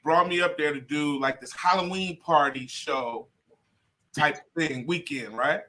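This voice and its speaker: A middle-aged comedian from Detroit telling a story in a casual interview, laughing often and cursing freely. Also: male voice, fairly high pitch, a little slow, bright, forceful tone, a little hiss or hum. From Detroit, USA. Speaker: comedian guest.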